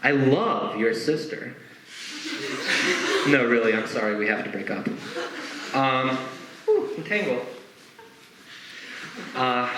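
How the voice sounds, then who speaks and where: A man's voice: fairly high pitch, noisy background. A young man doing a stand-up comedy set, talking conversationally with lots of asides. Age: young adult. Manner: conversational, with frequent asides and lively acted quotes. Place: stage performance. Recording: roomy echo.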